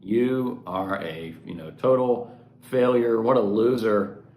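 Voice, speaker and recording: A man's voice: fairly low pitch, slow, muffled recording, pitched above the performer's own voice. A man voicing a mocking, grumpy old male god who sneers insults, recorded in a roomy space. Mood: sneering. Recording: roomy echo, faint background noise.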